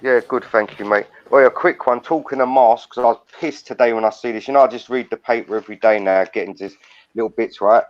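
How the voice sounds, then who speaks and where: On a muffled, lo-fi live stream, an older man with a mid-range voice talks fairly quickly, ranting heatedly and swearing often.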